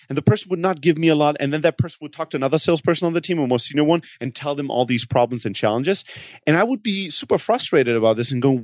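A man co-hosting a podcast in casual talk, halting and restarting often, then getting animated when he retells a story. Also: a little high, dry recording, clean studio sound. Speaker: podcast co-host. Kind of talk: casual conversation.

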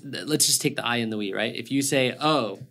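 A man's voice: mid-range voice, a little fast, vocal fry, sharp tone. Give me a man with a mid-range voice chatting on a podcast. He sounds agreeable and tells stories in an easy, conversational way. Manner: agreeable, tells anecdotes with acted quotes. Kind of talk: casual conversation.

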